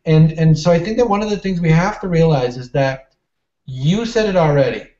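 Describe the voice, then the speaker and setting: A man's voice: fairly high pitch, normal speed, warm tone, reverberant, dull audio. A man talking as an interview guest and customer service manager, earnest and explanatory in manner. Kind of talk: casual interview talk.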